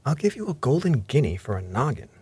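A man voicing a husky ailing old sea captain. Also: mid-range voice, very animated, fast, a little mellow, dry recording, pitched above the performer's own voice. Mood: pleading. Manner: coaxing, then gruff and rough-spoken. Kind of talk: audiobook character reading.

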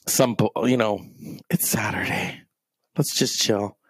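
A man's voice: fairly low pitch, slightly rough, no room sound. A man hosting a show, ranting in a crude, rambling, self-mocking comic way. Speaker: show host. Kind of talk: comedic rant.

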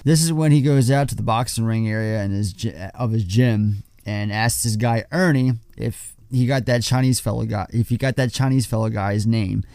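A man hosting a podcast, casually recapping a film plot in a steady summarizing way. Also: fairly low pitch, moderate pace, gravelly, hardly any pauses, no room sound, studio quality. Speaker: podcast host.

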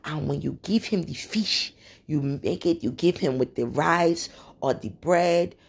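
A woman voicing a soft-spoken African hair braider who gives earnest advice in plain broken English. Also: extremely low pitch, unhurried, full character voice.

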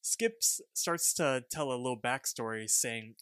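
A man's voice: mid-range voice, expressive, a little slow, hardly any pauses, a bit bright, clean tone, no room sound. Casual man chatting in a dry close sound. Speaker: podcast co-host. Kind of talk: episode recap and casual commentary.

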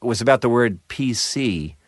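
Man, middle-aged, from New Jersey, slight Jersey accent, clipped enunciation, animated storyteller, very lively pitch, dry close sound. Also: normal speed, no room sound. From New Jersey, USA. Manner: animated storyteller, slips into voices. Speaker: voice actor guest. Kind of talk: casual podcast interview.

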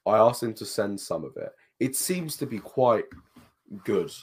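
Man, low voice, chatty co-host, emphatic advice-giver. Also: very animated, a little slow, breathy edge. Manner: thoughtful, reads aloud from books, emphatic advice. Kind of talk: casual chat.

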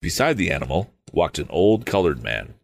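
A man's voice: low-pitched, sing-song, normal speed, vocal fry. A man reading an old novel aloud, stopping for hesitant, apologetic asides. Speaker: audiobook reader.

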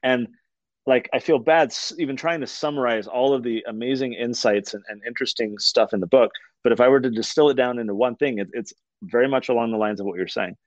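A man's voice: mid-range voice, fast talker, no echo, muffled recording. A man who writes books, a guest on a podcast, explaining his ideas in an earnest way and telling stories to make his points. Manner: earnest, storytelling, uses fillers. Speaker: author and guest. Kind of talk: conversational interview.

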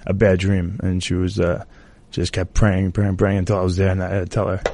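A man, a fighter guest in an interview, speaking haltingly and getting choked up. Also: deep voice, completely flat delivery, a little mellow. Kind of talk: casual interview talk.

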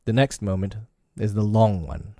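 A man reading a children's storybook aloud in an expressive storytelling manner. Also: on the low side, moderate pace, gravelly, dry recording, clean studio sound. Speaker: narrator.

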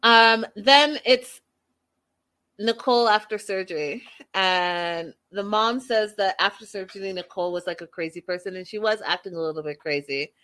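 Woman, casual recap host, chatty, opinionated, bright tone, mid pitch. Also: moderate pace. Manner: chatty and opinionated, with frequent fillers. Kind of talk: casual reality show recap, reading viewer comments.

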